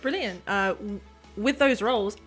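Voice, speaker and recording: A woman's voice: mid-range voice, unhurried, a bit bright, breathy edge. Brief: woman game master, chatty narration, faint music underneath. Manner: chatty, laughs often while narrating.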